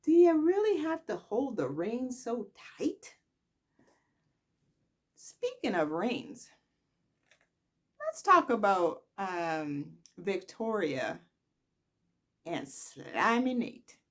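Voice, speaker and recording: Brief: woman recap host, casual and sassy, expressive, slow-paced delivery. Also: mid-range voice. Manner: chatty, sassy, animated storytelling. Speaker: soap opera recap host.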